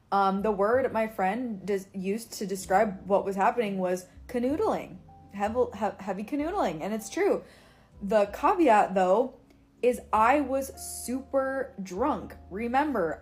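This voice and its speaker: A woman's voice: medium pitch, darkish tone. A young woman telling a dating story in a chatty, candid way with playful asides. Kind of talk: casual storytime.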